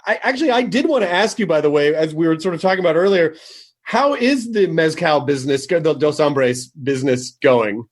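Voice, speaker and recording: A male podcast host who chats in a playful, joking way. His voice sits high for a man and bounces through a wide melodic range. He sounds animated rather than flat. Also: brisk. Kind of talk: casual chat.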